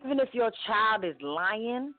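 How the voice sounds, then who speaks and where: High-voiced earnest male co-host. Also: lively intonation, no echo. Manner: earnest and emphatic, slowing down to drive a point home. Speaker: radio co-host. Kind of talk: casual morning show banter. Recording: tinny phone-like sound with faint music.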